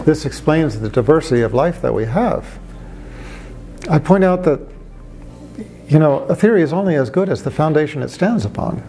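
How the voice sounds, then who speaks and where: A middle-aged man, a former atheist doctor, making a measured argument with dry humor. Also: medium pitch, creaky, dark tone, slight background noise. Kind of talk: reflective monologue.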